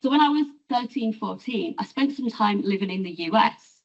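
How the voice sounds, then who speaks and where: A middle-aged woman with a Teesside accent, giving a measured, explanatory university lecture as a sociolinguistics professor. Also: medium pitch, lively intonation. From North East England. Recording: distant mic, dull lo-fi sound.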